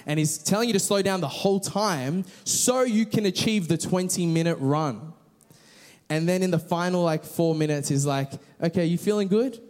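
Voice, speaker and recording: A man's voice: on the high side, normal speed, a little mellow. A man preaching a casual, conversational sermon with frequent restarts and fillers.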